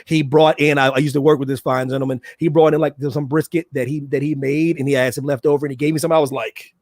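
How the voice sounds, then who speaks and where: Casting: animated joking man, high voice, dry close sound. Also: fast talker, no room sound. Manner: animated, joking, breaks into laughter. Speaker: co-host. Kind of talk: casual stream banter.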